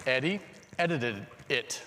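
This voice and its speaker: A man volunteering on stage, saying tongue twisters in a dry, deadpan way. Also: medium pitch, takes it slowly, in a large hall. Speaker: volunteer contestant.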